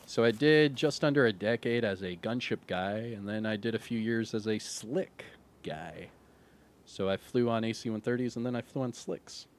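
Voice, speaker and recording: Middle-aged male streamer, slightly low voice, relaxed rambling chat with viewers. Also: normal speed. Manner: laid-back, rambling, many fillers. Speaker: gaming live streamer. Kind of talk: casual live-stream chat, reading viewer questions.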